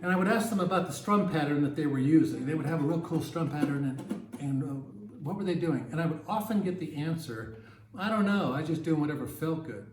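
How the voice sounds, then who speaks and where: A man teaching ukulele in a relaxed, chatty way, with many fillers, counting beats and sometimes singing along. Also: fairly high pitch, fairly quick, reverberant, slight background noise. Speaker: ukulele club instructor. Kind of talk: casual ukulele lesson with strumming and singing.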